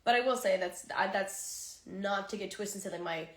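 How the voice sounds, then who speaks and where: During a casual livestream with her fans, a woman speaks candidly into a phone, emotional, teary and sighing often. Her voice is medium in pitch at a normal speed, and the room gives it an echo.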